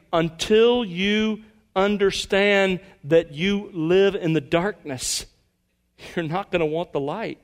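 High-voiced male pastor preaching earnestly. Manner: earnest preaching, slows to stress words, drops to a hush at points. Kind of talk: sermon.

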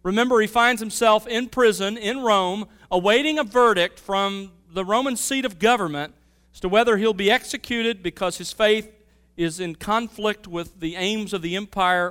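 A man preaching a sermon, telling a story and then moving into Bible teaching with a lively, varying delivery. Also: sits high, clean tone. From Mobile, Alabama area. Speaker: pastor.

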